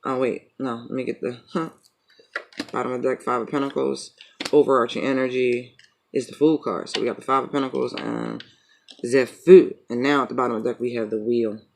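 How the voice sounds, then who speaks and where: A man's voice: mid-range voice, steady tone, fairly quick, vocal fry. A man rambling casually in a joking, profane manner as he chats and reads tarot cards. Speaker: tarot reader. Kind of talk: casual chat and tarot reading.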